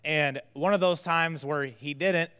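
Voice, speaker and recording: A man preaching to his church in an easy, conversational way, telling Bible stories with plenty of "uh"s. His voice is a little higher than most and sounds smooth and clear. The sound rings with the long reverb of a church hall. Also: a little slow, bright, forceful tone. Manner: conversational, casual storytelling with frequent fillers. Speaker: teaching pastor. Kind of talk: sermon.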